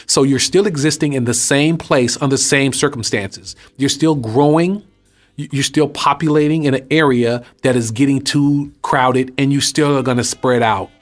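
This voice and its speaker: A man from Texas talking casually to his audience as host, preaching in a lively, conversational way and asking them questions. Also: medium pitch. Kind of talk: casual spoken teaching.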